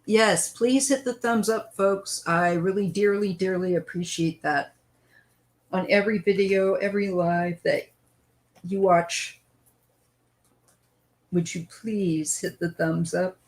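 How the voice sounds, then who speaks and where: Woman tarot reader hosting a live stream, lower pitch, very slow pace, chatty and rambling. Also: steady tone, low-quality recording. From western United States. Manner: chatty, meandering, greets viewers by name. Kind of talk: casual live-stream chat and tarot reading.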